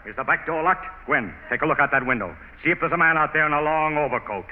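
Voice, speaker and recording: An actor playing a brash young male movie star in hiding, barking hurried orders in 1930s radio acting. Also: fairly high pitch, animated, close to an everyday voice. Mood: frantic. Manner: hurried, bossy, breathless commands. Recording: tinny, hissy old radio broadcast.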